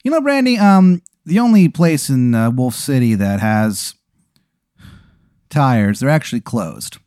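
A man voicing the Sugar King, an eerie clown-like man in a red suit who talks in a slow, overly friendly way. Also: medium pitch, very animated, darkish tone, smooth, no echo, studio quality. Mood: sly friendly.

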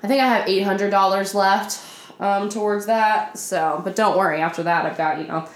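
Speaking at a moderate pace with a steady, medium-pitched voice, this twenty-something vlogger delivers a self-deprecating confessional rant at home in her apartment. The room is echoey, and she sounds tired as she curses freely and laughs at herself.

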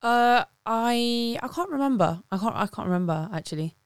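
A woman hosting a podcast interview, asking soft, gentle, hesitant questions. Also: a little high, animated, normal speed, clear, resonant tone, no echo, clean studio sound. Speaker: podcast host.

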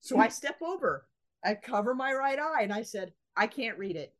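A woman whose voice sits on the high side talks at a normal speed while co-hosting a podcast. Chatting casually, she tells a lively anecdote and performs both sides of the conversation.

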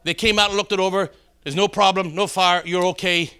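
Bright-voiced folksy male preacher. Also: high-pitched, steady tone, brisk, clear, resonant tone. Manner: folksy storytelling, calls out to congregation. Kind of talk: sermon with joke stories.

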